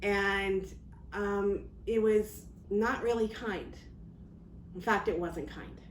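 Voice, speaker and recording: A woman's voice: medium pitch, slow. Woman psychic medium telling a story casually. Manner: rambling, many fillers and restarts, animated. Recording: roomy, faint background noise.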